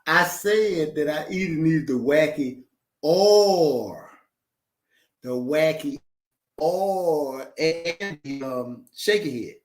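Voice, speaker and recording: A man on a live stream, firing back at the host with playful trash talk in a slightly high voice. The sound is roomy and echoey. He talks in loose, chatty bursts. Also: lively intonation, extremely slow. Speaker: guest. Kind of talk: casual live stream chat.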